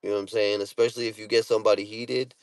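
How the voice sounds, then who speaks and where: A man's voice: fairly low pitch, level tone, racing, no room sound. A man with a Boston accent, a rapper casually telling stories to his viewers and answering comments in blunt street slang with heavy swearing.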